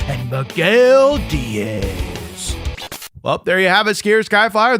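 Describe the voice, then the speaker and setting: A profane, permanently pissed-off wrestler, as a man puts him on for a comedy podcast. The voice sits fairly high and jumps around a lot in pitch. Dry, close sound with no room echo. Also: bright, forceful tone, heavily acted. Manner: profane, gruff, constantly pissed off. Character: foul-mouthed angry male wrestler persona. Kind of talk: improvised comedy podcast banter.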